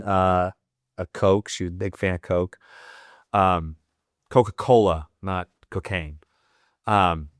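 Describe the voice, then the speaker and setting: Slow, low-voiced American man, candid and profane. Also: smooth, no echo, clean studio sound. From United States. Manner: candid, profane, halting with fillers and restarts. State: choked up and teary. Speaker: podcast guest, Marine veteran. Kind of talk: emotional storytelling in a podcast interview.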